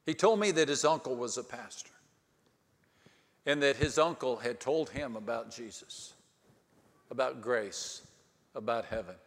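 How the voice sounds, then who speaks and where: A male pastor preaching a storytelling sermon with dry humor, dramatic pauses and swings from hushed to loud. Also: medium pitch. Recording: long hall reverb.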